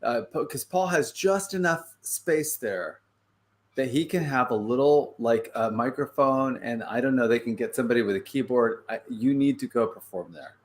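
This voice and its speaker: A man's voice: medium pitch, moderate pace. A man with a New York accent, a guest on a video-call podcast, earnest and emotional as he talks. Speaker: guest, actor. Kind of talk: casual chat.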